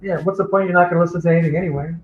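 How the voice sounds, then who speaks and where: A man's voice: a little high, fairly even intonation, racing, faint music behind. A male caller in a heated debate, defensive and lecturing, complaining about being interrupted, heard over a call line. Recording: dull, roomy call audio.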